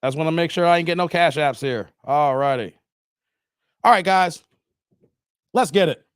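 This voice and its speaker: A man in his forties hosting a casual livestream, animated and joking, calling out viewers by name and playing with his voice. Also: fairly high pitch, moderate pace, smooth, no room sound, clean studio sound. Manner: animated, joking, calls out chat names, playful voice changes. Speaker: livestream host. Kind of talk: casual live-stream chat.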